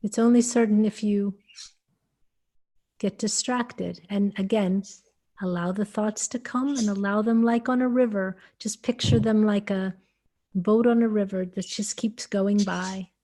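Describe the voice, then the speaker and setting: An American-born woman giving calm, measured spiritual guidance on a webinar call, speaking as "we". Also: medium pitch. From United States. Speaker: spiritual channeler.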